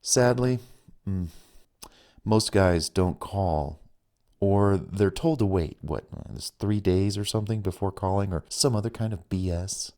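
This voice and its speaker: A man's voice: deep voice, unhurried, dark tone. A man narrating his own romance audiobook in an earnest, conversational way. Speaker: author and narrator.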